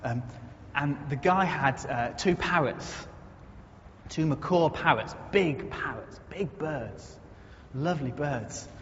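A man's voice: on the high side, takes it slowly, fairly bright tone. A man preaching a conversational sermon in a church, earnest and storytelling, building to emphatic repetition. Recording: echoey muffled hall recording, faint noise.

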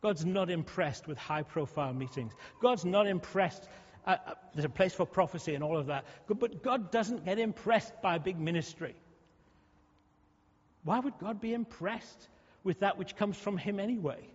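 A man's voice: high voice, normal speed, slightly rough. A male pastor preaching a sermon in a conversational way, often restarting and repeating words. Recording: muffled sound with long hall reverb.

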